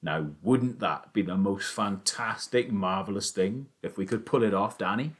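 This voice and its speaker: A man reading a hushed, scheming father. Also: on the low side, normal speed, lightly acted. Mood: rousing. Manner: hushed and conspiratorial, then rousing. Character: scheming, excitable father, middle-aged man.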